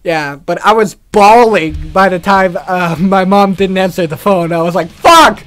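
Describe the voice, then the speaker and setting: A man's voice: high-pitched, fairly even intonation, normal speed. A young man hosting a casual video, telling a rambling story and swearing freely. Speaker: gaming channel host.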